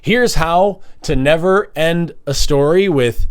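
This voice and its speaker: A man talking into a microphone in a rambling confessional monologue, swinging between high mock voices and low mutters. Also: slow pace, smooth. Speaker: vlogger and musician. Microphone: standing at a microphone.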